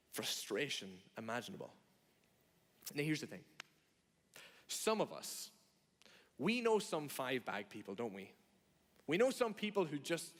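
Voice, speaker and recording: A man preaching a sermon in a conversational way, asking the audience questions and acting out reactions. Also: on the high side. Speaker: pastor. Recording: long hall reverb.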